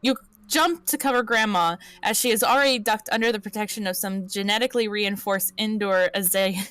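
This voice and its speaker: A woman's voice: mid-range voice, steady tone, fairly quick, fairly bright tone. A woman streamer reading an interactive story aloud on a live stream, sometimes stumbling over words and correcting herself. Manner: reads narration aloud, stumbling and correcting herself, laughs often.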